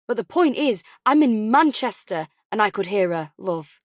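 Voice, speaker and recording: A man's voice: sits high, expressive, normal speed, dry recording. A woman whispers the part of an anxious young husband calling home, pressing but holding back his alarm. The whispered role-play sounds close and dry, with no room around it. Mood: insistent. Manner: urgent but trying to stay gentle.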